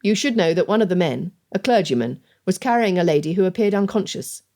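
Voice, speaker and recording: Gruff commanding sea captain, smuggler type, lowish mellow voice, read by a woman. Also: lively intonation, brisk. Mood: matter-of-fact. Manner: curt, commanding.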